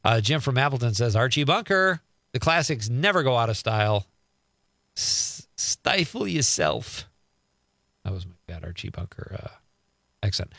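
Man, middle-aged, radio host, reading listener texts, chatty, lively pitch, dry close sound. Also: brisk, dry recording. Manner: chatty, reads texts aloud and riffs on them.

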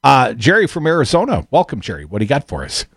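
A man hosting a call-in radio talk show, animated and self-deprecating, talking off the cuff. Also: mid-range voice, fast, slightly rough, no echo, clean studio sound.

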